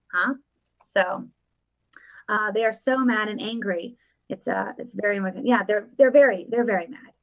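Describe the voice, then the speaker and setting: A woman vlogger giving casual live-stream political commentary, emphatic and animated, often repeating her phrases. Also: mid-range voice.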